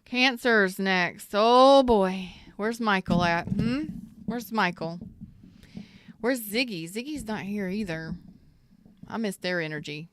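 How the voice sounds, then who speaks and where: A woman's voice: medium pitch, slow, slight background noise. A woman, hosting a casual, salty tarot reading and talking straight to her viewers. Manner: chatty, salty, talks to viewers as y'all. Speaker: tarot reader, channel host.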